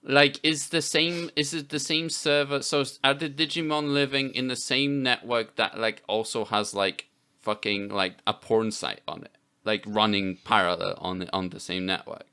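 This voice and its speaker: Bright, gravelly man rambling on a podcast. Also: mid-range voice, steady tone, normal speed. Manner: rambling, fills with "you know" and "like". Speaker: podcast co-host. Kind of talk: casual chat.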